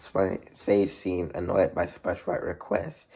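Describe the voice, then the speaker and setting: Gravelly, husky man reading a novel aloud. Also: deep voice, steady tone, normal speed, darkish tone. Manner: plain reading with slips and restarts. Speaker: narrator.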